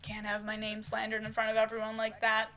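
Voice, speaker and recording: A worn-out young man, hen-pecked yet wry, talking low and joking softly, as a woman voices him in a spoken story. Her tone stays bright and slightly high. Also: monotone, fairly quick.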